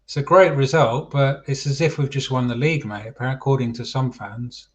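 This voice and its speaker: A man's voice: medium pitch, steady tone, brisk. A man hosting a casual football chat livestream, chatty and calling his viewers mate. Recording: dull lo-fi stream audio.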